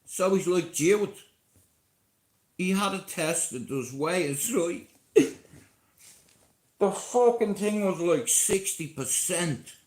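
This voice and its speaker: Slow-talking Dublin man in an echoey room. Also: high-pitched, expressive, darkish tone. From Ireland. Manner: profane, chatty, keeps checking in with listeners. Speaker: live streamer. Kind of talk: rambling live-stream storytelling.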